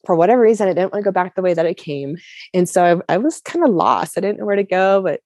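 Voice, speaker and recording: A woman's voice: fairly low pitch, expressive, fast, a little mellow, no echo, studio quality. A woman from Colorado telling her personal faith story as a guest, candid and chatty with lots of "like" and "you know.". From Colorado, USA. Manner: earnest and open. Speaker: guest sharing her testimony.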